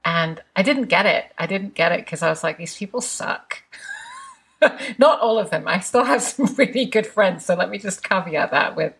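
A woman with a low, deep-set voice talks openly and casually, laughing between thoughts and swearing freely. Her tone carries a gravelly edge and a husky, breathy texture. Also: expressive, normal speed, fairly bright tone. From England. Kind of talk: candid casual chat.

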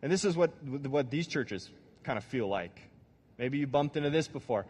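A man's voice: mid-range voice, lively intonation, moderate pace, darkish tone, husky, in a large hall. A man giving a casual, conversational sermon as a pastor, joking and acting out quotes along the way. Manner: conversational, acts out quotes, jokes.

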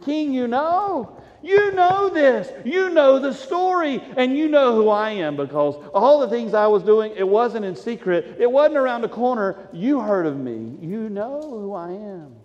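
A fervent apostle pleads his case before a king in a fairly high voice, as a preacher voices him, earnest and rising to loud declarations. The sound is dull and rings with long hall reverb. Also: sing-song, unhurried, few pauses, exaggerated voice. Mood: urgent.

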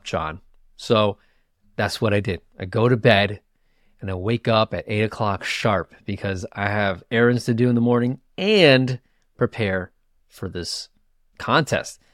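A man's voice: mid-range voice, no echo. Dry-voiced man telling a story. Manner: animated, self-mocking, quick bursts with stammered restarts. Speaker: podcast host. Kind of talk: casual personal storytelling.

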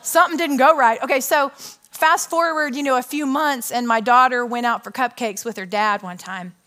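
A woman in her thirties giving a conversational, story-filled sermon from a stage, chatty and animated, often asking the audience questions. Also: fairly high pitch, moderate pace. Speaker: women's ministry speaker.

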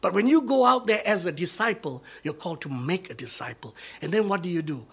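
A man preaching a sermon, asking rhetorical questions and answering them, dropping to near whispers and then building to loud, emphatic calls. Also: high voice, animated, fairly quick, husky. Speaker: pastor.

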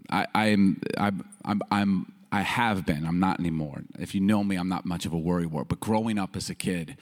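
Animated man preaching a story sermon. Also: deep voice. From Chicago and Baltimore. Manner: animated, laughing often, rising to loud bursts. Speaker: pastor.

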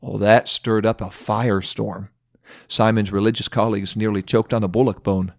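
A man preaching a devotional sermon, pausing for study questions and slowing down to stress key points. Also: lowish voice, fairly even intonation, creaky, dry recording, studio quality. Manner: earnest, emphatic, slows down for stress.

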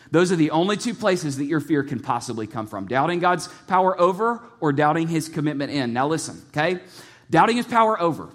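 Animated joking male preacher. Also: fairly high pitch. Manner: animated, joking, shifts pace often. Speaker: pastor. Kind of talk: sermon.

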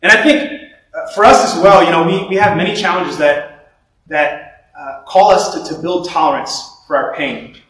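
A young man giving a sermon in a relaxed, conversational way, telling stories and often restarting his sentences. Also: fairly high pitch, normal speed. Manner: conversational storytelling with repeated restarts. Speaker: preacher. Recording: very echoey room, voice from far off.

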